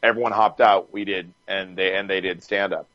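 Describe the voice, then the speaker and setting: A man guest on a podcast, telling stories in a casual, animated way, swearing freely and laughing as he goes. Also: low voice, moderate pace, no echo, lo-fi sound. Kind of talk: casual storytelling.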